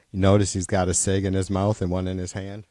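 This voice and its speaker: Streamer, male, low and dry, profane rambling chat, unscripted. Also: mellow, no room sound. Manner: rambling and profane, with many restarts and trailing-off sentences. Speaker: livestream host.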